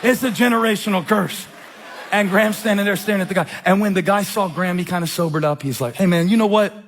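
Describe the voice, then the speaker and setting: Male pastor, 40s, slightly high voice, animated self-mocking sermon storyteller. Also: quick pace, a little hiss or hum. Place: church.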